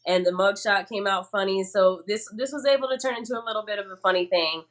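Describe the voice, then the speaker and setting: A woman's voice: medium pitch, fast talker, fairly bright tone. A woman co-hosting a podcast, chatting emphatically and laughing often. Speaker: podcast co-host. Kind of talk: casual pop culture chat.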